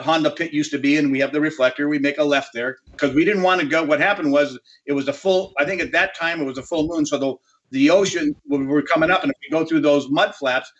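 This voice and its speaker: Guy spinning a long rambly story, kinda high voice, swears a bit, muffled lo-fi sound. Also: fairly bright tone. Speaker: panel guest. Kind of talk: casual storytelling. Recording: dull lo-fi audio.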